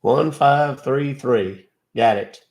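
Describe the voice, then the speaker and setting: A man's voice: medium pitch, takes it slowly, a little mellow. An older man on a live call, stalling a scammer in a folksy, exasperated way. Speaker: scam-baiting streamer.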